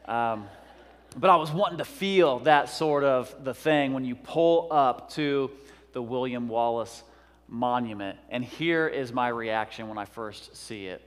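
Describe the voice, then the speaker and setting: Male pastor, sermon, urgent and exhorting, mid-pitched voice, long hall reverb. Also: a little slow. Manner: urgent, exhorting, then joking and casual.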